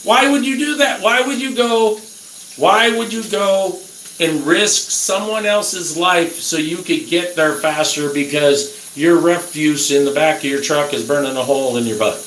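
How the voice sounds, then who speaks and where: A man's voice: fairly high pitch, bright, forceful tone. A middle-aged man ranting crudely and angrily at his viewers in a casual talk. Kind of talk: casual rant. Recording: roomy echo, faint background noise.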